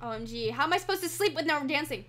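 A high-voiced woman talks through her game on a desk microphone. She is chatty and easily excited, with her sentences running on through fillers and restarts. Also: rapid-fire. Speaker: gaming channel host. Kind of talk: casual game commentary. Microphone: computer microphone.

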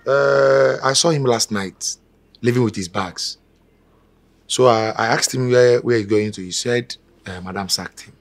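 An actor with a Nigerian English accent playing a nervous, apologetic house servant. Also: male voice, mid-range voice, measured pace, lightly acted. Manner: hesitant, apologetic. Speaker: house help.

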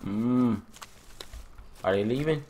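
A young man giving profane gameplay commentary, muttering to himself and then yelling taunts and curses at attackers. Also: mid-range voice, slow pace. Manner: swearing, yelling taunts at enemies, swinging between mutters and shouts. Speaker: let's play gamer.

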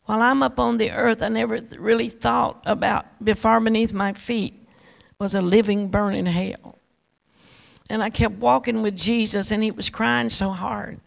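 A woman's voice: a little high, steady tone, moderate pace, gravelly. A woman evangelist giving a sermon testimony, rambling and dramatic, with many restarts, and speaking straight to a pastor in the audience.

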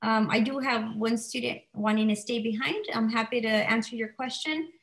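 A woman's voice: a little high, moderate pace, gravelly, fairly bright tone, poor audio. A woman hosting an online college info session, upbeat and encouraging as she answers questions. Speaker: event host.

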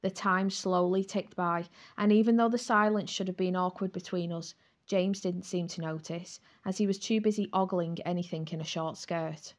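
A woman narrating a first-person romantic comedy novel aloud, with an expressive, wry storytelling manner. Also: on the low side, normal speed. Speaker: audiobook narrator.

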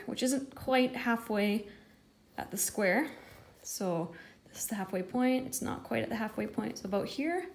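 A woman's voice: mid-range voice, darkish tone, a little hiss or hum. A woman painter talking casually through a how-to, chatty and jokey, thinking aloud as she works through the math. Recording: echoey room with faint ambience.

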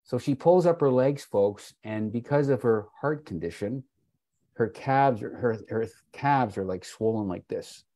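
A man's voice: medium pitch, a little slow, dark tone. A man on a video call telling a wellness sales story in a folksy way, often calling his listeners "folks" and acting out the people in it. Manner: folksy, repeats "folks", acts out quotes. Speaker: wellness product presenter.

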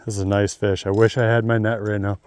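A man, an outdoor vlogger talking excitedly to viewers while fishing on a riverbank. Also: fairly low pitch, quick pace. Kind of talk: excited outdoor narration to camera.

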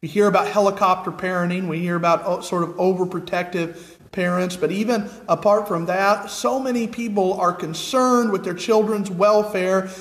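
A man's voice: sits high, steady tone, moderate pace. An American man preaching a sermon in an earnest way, asking the congregation repeated questions. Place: church sanctuary with nearly empty pews. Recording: echoey church hall.

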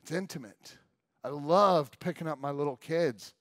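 A man preaching a sermon to his church in a casual, emphatic way, often saying "like" and swinging between loud and soft. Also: a little high, normal speed, no room sound, clean studio sound. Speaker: pastor. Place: church service room.

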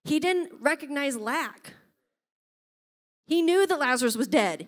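A woman preaching a sermon in church, telling stories with lively energy and often checking in with her listeners. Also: high-pitched, a little slow. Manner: animated storytelling, often checks in with "okay?".

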